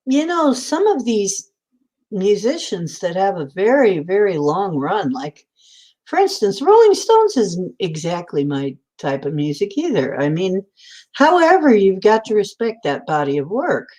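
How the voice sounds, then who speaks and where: Woman host just chatting, slow and rambly, lots of um and you know. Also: medium pitch, very animated, dark tone. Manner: meandering, chatty, many fillers. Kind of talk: rambling casual chat.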